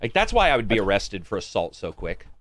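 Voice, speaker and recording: Talking briskly on a dry recording, this US podcast co-host keeps the conversation loose and profane. He's lively throughout and mimics greetings by pitching his voice up.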